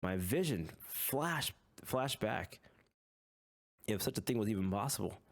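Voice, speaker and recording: A man's voice: fairly low pitch, lively intonation, unhurried, vocal fry. A man reading game text aloud and reacting, in a jokey, dramatic way. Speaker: gaming YouTuber.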